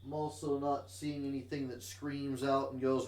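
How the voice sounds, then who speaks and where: A man's voice: mid-range voice, flat delivery, normal speed, darkish tone. A man streaming a modded block game in virtual reality, talking casually to himself about his plans and humming tunelessly while he works. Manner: chatty, hums tunelessly to himself while working. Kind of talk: casual let's-play commentary. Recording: roomy, distant mic with clear noise.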